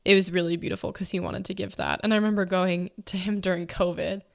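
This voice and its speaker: A woman's voice: lowish voice, fairly even intonation, fast, creaky. A young woman hosting a faith-based podcast, talking casually with lots of fillers, who is pregnant. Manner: chatty, many fillers and likes. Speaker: podcast host.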